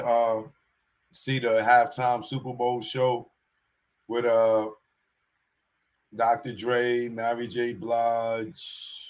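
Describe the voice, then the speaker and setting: A man hosting a show, giving a casual commentary monologue in animated street talk and repeating his warnings. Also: medium pitch. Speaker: show host.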